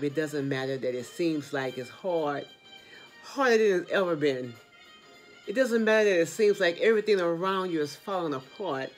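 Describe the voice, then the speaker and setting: Low-voiced woman cheering on her viewers, pitch jumping all over, faint music behind. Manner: animated, encouraging, with sudden high exclamations; speaks to viewers directly, repeating phrases. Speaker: motivational host. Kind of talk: motivational talk to viewers.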